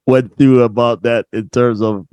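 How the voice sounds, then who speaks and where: A man hosting a podcast in casual chat, dropping quick agreements and laughing through his stories. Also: mid-range voice, fairly even intonation, darkish tone, clean tone, no echo. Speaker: podcast host.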